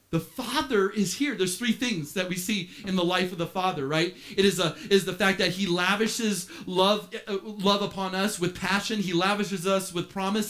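With a high voice, this male pastor delivers an animated sermon sprinkled with playful asides. His volume swings from hushed passages to shouts.

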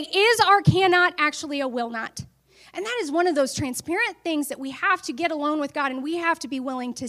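A woman's voice: very high voice, sharp tone. A woman preacher giving an earnest sermon that builds to emphatic declarations.

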